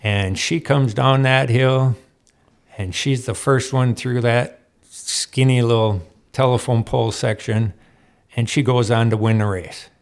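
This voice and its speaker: A man spinning old racing stories as a guest in a studio. He is lively and quick to laugh, and he slips into other people's voices as he goes. His pitch sits mid-range for a man. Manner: animated, laughs often, acts out quotes. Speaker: guest, off-road racer. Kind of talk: storytelling interview chat.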